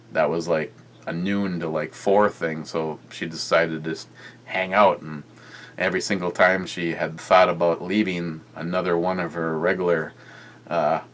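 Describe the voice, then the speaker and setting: A man's voice: low-pitched, slight background noise. A man chatting loosely in a home beer-review vlog, rambling with many fillers and restarts. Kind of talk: rambling casual vlog chat.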